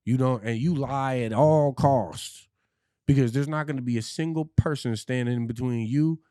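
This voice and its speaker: A man's voice: medium pitch, normal speed, warm tone, clear, resonant tone, dry recording, clean studio sound. A man, a podcast guest, telling his own story candidly and bluntly, with profanity and frequent restarts.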